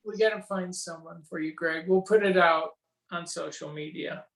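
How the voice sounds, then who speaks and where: A man's voice: fairly high pitch, steady tone, normal speed, creaky, fairly bright tone. A man chatting as a guest in an interview, full of joking, teasing banter. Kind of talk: casual interview chat.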